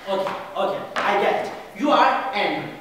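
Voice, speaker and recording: A woman's voice: mid-range voice, expressive, moderate pace, natural voice. A woman playing a prim, preachy actress. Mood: patronizing. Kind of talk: amateur stage play. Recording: echoey hall from far off, noisy.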